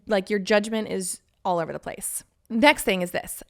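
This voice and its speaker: Hosting her own podcast, a thirtysomething woman talks openly and casually, dropping occasional swear words and acting out what her friends said. Her creaky mid-range voice holds a steady tone at a normal speed.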